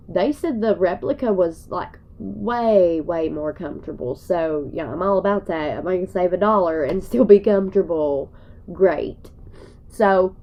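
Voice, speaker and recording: Tearful woman vlogger with gravelly voice. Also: fairly low pitch, lo-fi sound. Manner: tearful, rambling, folksy. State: crying. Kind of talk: emotional personal vlog.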